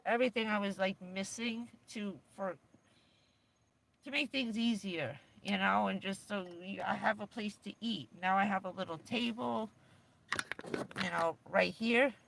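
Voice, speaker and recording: This is a chatty woman giving a laid-back livestream tour of her camper van. She speaks at an unhurried pace in a mid-range voice and rambles, filling gaps with "um" and "you know.". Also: mid-range voice, creaky, a bit bright. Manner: rambling, chatty, giggly, with many fillers. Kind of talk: casual livestream chat. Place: inside a small camper van.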